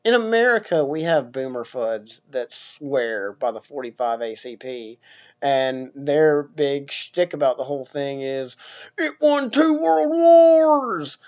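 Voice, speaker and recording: A man's voice: mid-range voice, a little slow, dull audio. A man hosting a casual solo podcast, talking bluntly and joking with frequent swearing. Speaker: podcast host.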